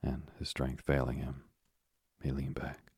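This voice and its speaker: A man reads a classic novel aloud in a very low, gravelly voice with a husky, breathy edge. His delivery stays flat and steady, and the sound is dry and close to the mic. The tone is dark and mellow throughout. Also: unhurried, dry recording. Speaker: audiobook narrator. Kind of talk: scripted narration.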